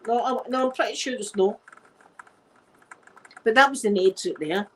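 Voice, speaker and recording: A middle-aged woman with a Glaswegian Scottish accent, telling stories in a relaxed ASMR chat and dropping Scots words as she goes. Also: on the high side, moderate pace, rough recording. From Scotland. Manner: chatty anecdotal storyteller using Scots words. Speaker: ASMR creator.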